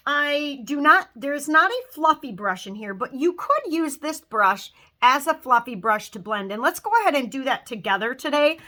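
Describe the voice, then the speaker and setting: A woman's voice: on the high side, pushed and bright. A woman in her fifties giving a casual makeup tutorial at home, chatty and talking while she works, trailing off into fillers. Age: 50s. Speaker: makeup vlogger.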